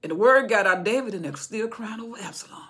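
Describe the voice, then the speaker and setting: A woman with a husky, breathy voice leads an informal Bible study from a room at home. She talks in a loose, conversational way, full of rhetorical questions and restarts. Her pitch sits in a middle range. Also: animated, fast, pushed and bright. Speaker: Bible teacher. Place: indoor room with candles.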